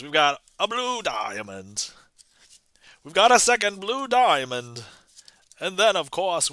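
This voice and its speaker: A man voicing a fast-talking 1920s card-game huckster in an old-timey radio announcer patter, during live-streamed magic trick patter. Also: high-pitched, sharp tone, no echo, studio quality, exaggerated voice. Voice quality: strained throat.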